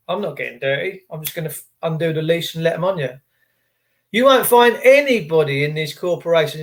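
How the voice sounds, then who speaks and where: High-pitched British man ranting. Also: fairly bright tone. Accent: British English. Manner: heated, emphatic and repetitive. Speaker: host. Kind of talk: monologue rant to camera.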